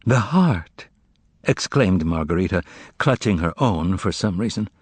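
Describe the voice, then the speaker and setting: A man narrating an audiobook with an expressive, lively reading. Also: low voice, moderate pace, slightly rough, dry recording. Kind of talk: scripted narration.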